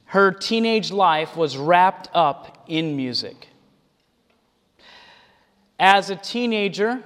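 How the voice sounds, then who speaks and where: A man delivers an animated sermon to a congregation in a high, lively voice and slips into other people's voices as he quotes them. His words ring out with a long reverb, as in a large church hall. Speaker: preacher.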